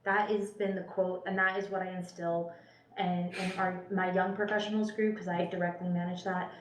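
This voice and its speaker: Woman, earnest chatty talk, slightly low voice, echoey room, mic some way off. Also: little pitch movement, brisk, a little hiss or hum. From Spokane County, Washington, US. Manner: earnest, chatty, many fillers and restarts. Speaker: policy expert guest. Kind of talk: casual panel conversation. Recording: roomy room, mic at a distance.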